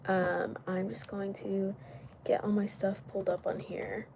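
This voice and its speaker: A young woman chats through a late-night livestream at home, greeting viewers by name and laughing between thoughts. Her voice is mellow and relaxed, with a faint hiss of noise underneath. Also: medium pitch, unhurried, vocal fry. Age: young adult. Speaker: livestream host.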